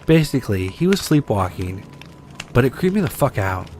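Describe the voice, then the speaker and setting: Man reading scary stories, lively pitch. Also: moderate pace, soft background music. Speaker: story reader.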